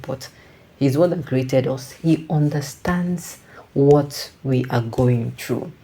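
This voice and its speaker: A woman's voice: low-pitched, darkish tone. A Nigerian woman giving reflective casual commentary, slipping into Pidgin and restarting her sentences.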